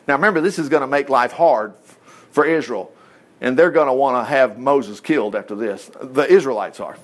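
A man reading scripture aloud and breaking in with animated, exclamatory asides, teaching a Bible lesson. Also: medium pitch, brisk.

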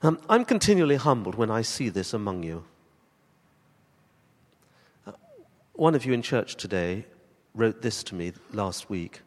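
A man preaching a sermon to his church congregation, swinging from emphatic rising questions to slow, soft emphasis. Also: fairly low pitch, big pitch swings, in a large hall. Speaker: pastor.

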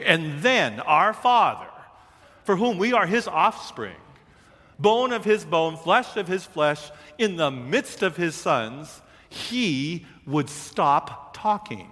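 A male preacher tells a story in an animated, dramatic way, circling back on repeated phrases. His voice is of middle pitch and carries a long hall reverb. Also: unhurried. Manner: animated, dramatic, repetitive cadence. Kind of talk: sermon storytelling.

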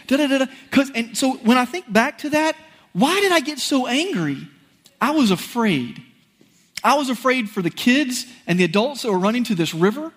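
A man preaching a sermon, telling a personal story in an animated, folksy, conversational way. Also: extremely high pitch, normal speed.

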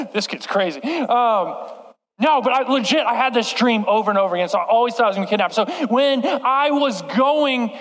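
A young male preacher with a high, bright voice tells a story with animated, self-mocking energy. He slips into voices for the people in his story. A long reverb from a large hall trails his words. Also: moderate pace. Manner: animated, self-deprecating, acts out quoted voices. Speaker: youth preacher. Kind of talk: storytelling sermon.

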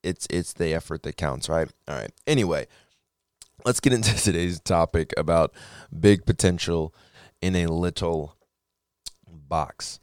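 Deep-voiced young man hosting a faith talk. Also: unhurried, long pauses, no echo, studio quality. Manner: relaxed, joking asides, frequent restarts. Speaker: podcast host. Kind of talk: casual faith talk monologue.

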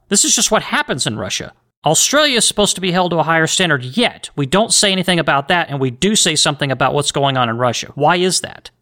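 A man's voice: a little high, fairly bright tone. A man hosting a solo podcast, arguing his opinions with rhetorical questions and frequent restarts. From United States. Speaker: podcast host.

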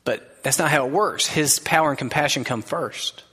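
A man preaching a sermon as pastor, earnest and conversational, dropping to a soft gentle voice for quoted words. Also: a little high, normal speed, husky. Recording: long reverb of a large hall.

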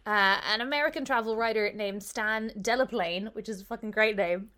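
A woman's voice: medium pitch, a little fast, a bit bright. A young woman chatting casually as a podcast co-host, telling a story with lots of fillers and asides. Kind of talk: casual chat.

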